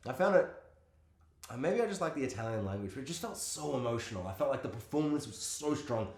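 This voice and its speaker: Animated, rambling male podcast co-host. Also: medium pitch, quick pace. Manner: animated and rambling, full of fillers. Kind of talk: casual film discussion. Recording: roomy echo.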